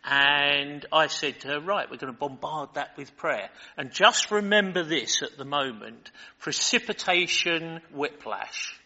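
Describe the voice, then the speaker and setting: A man's voice: on the high side, unhurried, few pauses, bright, forceful tone, in a large hall. An older British man preaching, reading scripture and then chatting in a digressive way with many fillers. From Britain. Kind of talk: Bible reading and sermon. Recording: muffled lo-fi recording.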